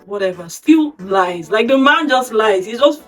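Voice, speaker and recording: A woman casually recapping a drama-filled story, gossipy and animated, acting out the quoted lines, recorded from a bit off the mic with faint music behind. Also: a little high, measured pace, distant mic, poor audio. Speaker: storytime host.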